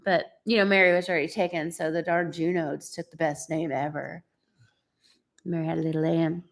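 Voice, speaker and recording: A woman co-hosting a casual live stream from her ranch, chatting warmly and now and then breaking into playful sing-song calls. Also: low voice, fairly even intonation, moderate pace, creaky. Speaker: ranch owner, livestream co-host. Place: ranch home, indoors.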